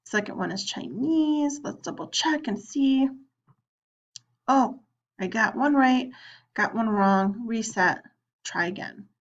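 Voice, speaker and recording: This screen-recorded lesson features a woman teacher whose voice sits on the high side; she takes it slowly and pauses often. She chats casually while clicking through, acting out students' questions as well as her own replies, and the recording is muffled.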